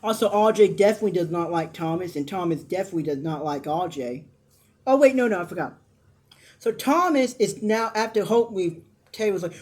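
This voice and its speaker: A woman's voice: on the low side, expressive, brisk, a little mellow. A woman in her twenties giving a blunt, opinionated, rambling review of a soap opera episode in casual chat. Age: 20s.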